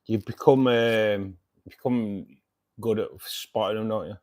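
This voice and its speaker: A man's voice: lowish voice, steady tone, unhurried, a little mellow. A man hosting a casual livestream, chatting with viewers in a friendly, hesitant way, full of ums and calling people mate and buddy. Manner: hesitant, many ums and restarts. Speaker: aquarium channel host.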